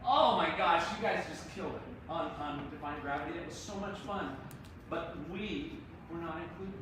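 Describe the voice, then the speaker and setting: A fairly high-voiced man gives lively, encouraging feedback to a group of singers, laughing now and then. He is heard from a distance in a very echoey hall, with steady background noise. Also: normal speed. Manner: encouraging, animated, laughs often. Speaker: performance adjudicator. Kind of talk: live feedback to performers. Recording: echoey room, far from the mic, noisy.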